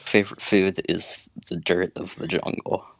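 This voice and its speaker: A young man with a deep voice, joking dryly with the other players at a tabletop game. His voice sounds close and dry, with no room echo. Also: little pitch movement, measured pace. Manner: dry, teasing.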